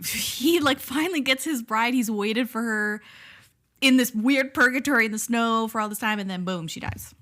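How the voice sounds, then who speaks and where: A woman's voice: on the high side, normal speed, a bit bright. A woman hosting a podcast, chatting casually and acting out quoted reactions as she tells a story. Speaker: podcast host. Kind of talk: casual chat.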